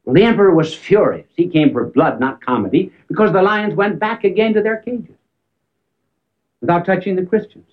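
A man giving a talk on public speaking, telling an anecdote with emphatic rises and sudden quiet drops. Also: sits high, lively intonation, normal speed. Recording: tinny phone-like band, old archive recording.

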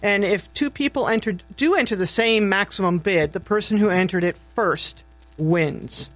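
A man co-hosting a radio show, agreeing readily with his partner and clearly explaining how things work. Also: high voice, normal speed, a bit bright, poor audio. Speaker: radio co-host. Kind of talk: casual on-air radio chat.

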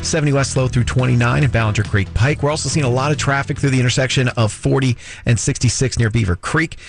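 A man reading a radio traffic report in a brisk, matter-of-fact way. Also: medium pitch, gravelly, soft background music.

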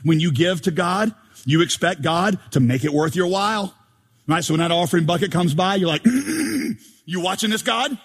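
High, husky-voiced man preaching a sermon. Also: brisk. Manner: animated, joking, rhetorical questions. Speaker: pastor. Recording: long hall reverb.

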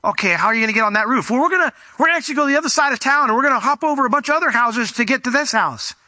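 A man's voice: sits high, no echo, studio quality, pitched above the performer's own voice. A man voicing an eager male friend who cheerfully plans a reckless scheme. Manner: excited, fast, overconfident.

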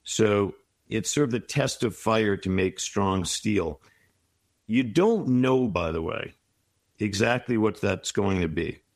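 Low-voiced reflective man, dry sound. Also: animated, slow, no room sound. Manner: reflective, encouraging, tells stories. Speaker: guest. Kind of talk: conversational advice in an interview.

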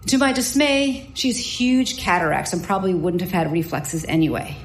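A woman doctor telling a personal story in a lively, self-mocking, vivid way. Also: lowish voice, moderate pace, roomy sound, poor audio. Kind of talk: live storytelling.

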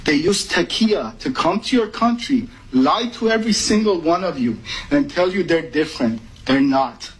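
Husky, urgent Iran-born man. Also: a little high, expressive, normal speed, low-quality recording. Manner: urgent, emotional, rising to pleading. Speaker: public commenter at a meeting. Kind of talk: impassioned public testimony.

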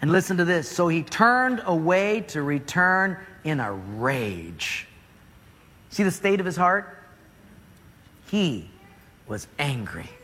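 A man delivers a sermon as an animated storyteller, cracking jokes as he goes. His voice is high, bright and full of swings in pitch, and it echoes in a church hall with long reverb. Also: slow pace, pauses often. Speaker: preacher.

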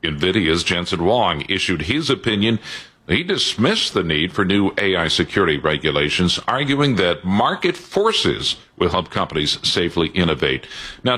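A man filing a scripted radio news report as a reporter, in an animated, emphatic way. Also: low voice, breathy edge.

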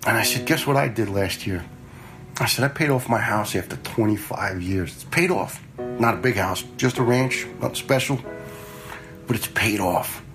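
Retired fire lieutenant in his fifties, low-pitched, blunt storyteller, faint music behind. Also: moderate pace, rough recording. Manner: blunt and conversational, with swearing. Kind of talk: casual storytelling.

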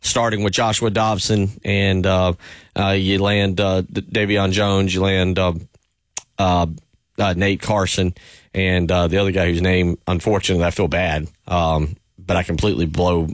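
A man's voice: sits low, little pitch movement, moderate pace, dry recording, clean studio sound. A man hosting sports talk radio, rambling loosely with many fillers.

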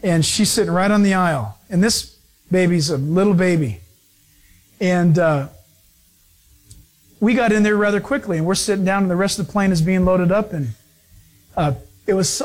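A man with a notably high voice preaches in a relaxed, conversational way. He leans on everyday stories and acts out the people in them with animation. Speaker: pastor. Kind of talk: conversational sermon with storytelling.

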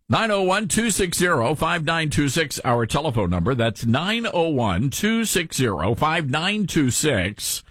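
Male talk host, soft Southern accent, slightly husky, folksy and chatty. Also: fairly high pitch, very animated, unhurried, few pauses, dry recording. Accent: Southern US, Tennessee. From Tennessee. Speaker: radio talk show host. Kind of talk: talk radio commentary.

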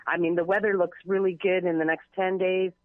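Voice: medium pitch, little pitch movement, fairly quick, dry recording. An event organizer calling in as a guest, talking in a friendly, chatty way. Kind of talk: phone interview. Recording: dull lo-fi phone line.

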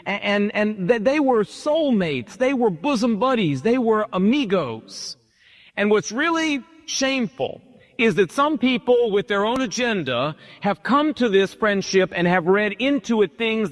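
A man's voice: sits high, long reverb tail. A man preaching a sermon as pastor, with an emphatic, repetitive cadence.

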